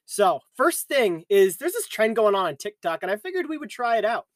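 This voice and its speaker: A man's voice: high-pitched, very animated, a little fast, no echo. A man co-hosting a podcast in casual chat, joking and teasing as he steers the topic. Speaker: podcast co-host.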